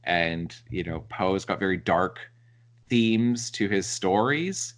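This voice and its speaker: A man's voice: low-pitched, slow. A man co-hosting a casual book discussion, thinking aloud with many "like" and "you know" fillers. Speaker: podcast co-host.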